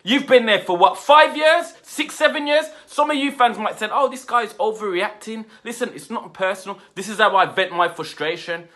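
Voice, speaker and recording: A man's voice: high-pitched, normal speed, few pauses, a bit bright. A man in his forties venting an angry, exasperated rant about his football team. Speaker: football fan reviewer.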